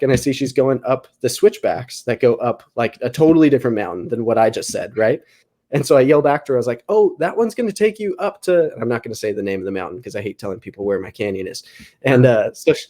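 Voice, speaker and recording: A man's voice: medium pitch, animated, quick pace, darkish tone. A young man hosting a podcast, casually telling a long story full of fillers and laughs. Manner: rambling, filler-heavy, laughing through the story. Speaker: podcast host.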